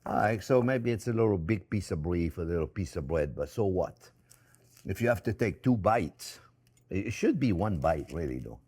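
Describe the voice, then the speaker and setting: A man's voice: deep voice, lively intonation, moderate pace, darkish tone, husky. A middle-aged man hosting a cooking demonstration as a chef. He is talkative and jokey and calls his viewers friends. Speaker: chef and cooking show host.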